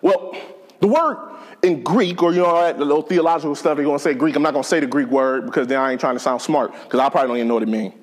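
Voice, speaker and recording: A man's voice: on the high side, fast talker. A man preaching a sermon in a conversational, joking way to a church congregation. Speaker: pastor.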